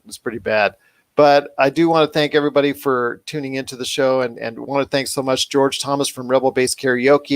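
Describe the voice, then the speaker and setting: A man's voice: mid-range voice, dry recording. A man hosting a pop culture podcast, talking enthusiastically and rambling with restarts. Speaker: podcast host. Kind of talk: casual podcast chat.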